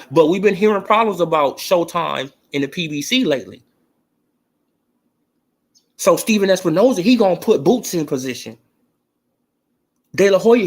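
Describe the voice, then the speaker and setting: A man hosting a casual boxing talk show, talking back to his chat, emphatic and slangy with plenty of cursing. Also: high voice. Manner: emphatic, profane, slangy, fired-up. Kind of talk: casual opinionated sports talk.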